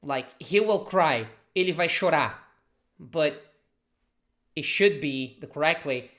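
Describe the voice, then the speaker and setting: Slow, patient Brazilian-accented teacher. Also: mid-range voice, a bit bright. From southern Brazil. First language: Brazilian Portuguese. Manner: patient, explains and repeats phrases slowly. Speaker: language teacher. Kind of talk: casual language lesson.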